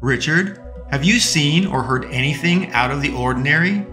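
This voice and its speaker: A man's voice: a little high, normal speed, bright, forceful tone, faint music behind. A man voicing a female sheriff's deputy who speaks in an overly projected, businesslike way. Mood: urgent.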